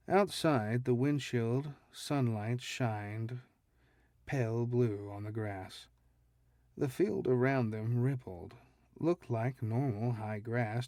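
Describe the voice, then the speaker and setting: Slow, deliberate male narrator. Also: medium pitch, dark tone, no echo, clean studio sound. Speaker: audiobook narrator and author. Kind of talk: scripted fiction narration.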